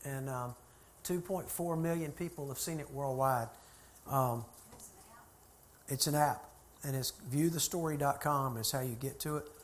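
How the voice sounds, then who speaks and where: A man's voice: medium pitch, normal speed, a little hiss or hum. A middle-aged man, a church consultant telling a folksy, chatty story to a group. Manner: folksy, chatty anecdotes with laughter.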